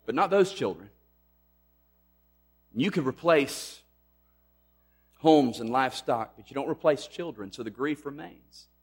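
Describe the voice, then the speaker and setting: Emphatic male preacher, loud then hushed. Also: medium pitch, lively intonation, measured pace, long pauses, breathy edge, faint music behind. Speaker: pastor. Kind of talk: sermon.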